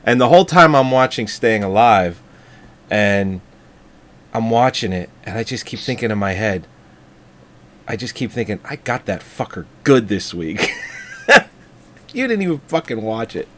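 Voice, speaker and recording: Low-voiced man, laughing and rambling. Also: sing-song, normal speed, pauses often. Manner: laughing, swearing, rambling storyteller. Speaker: podcast co-host. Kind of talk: casual movie review chat.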